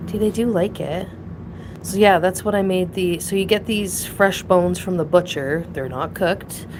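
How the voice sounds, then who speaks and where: A woman's voice: fairly low pitch, slow pace, pauses often, noisy background. A woman chatting casually to viewers while caring for her pets at home, rambling and laughing often. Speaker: pet vlogger. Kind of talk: casual live chat with pets. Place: home, indoors.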